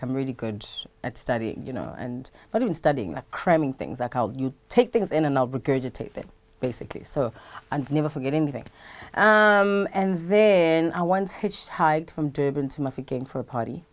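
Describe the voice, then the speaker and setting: A South African woman, a radio presenter, chatting playfully and animatedly in a casual interview, laughing often. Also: extremely low pitch. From KwaZulu-Natal, South Africa.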